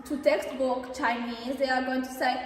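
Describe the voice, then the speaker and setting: A woman's voice: sits high, level tone, moderate pace, slight background noise. A woman from Argentina, a guest chatting casually, often giggling and slipping between languages. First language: Spanish. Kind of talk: casual interview chat. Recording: echoey room with long reverb.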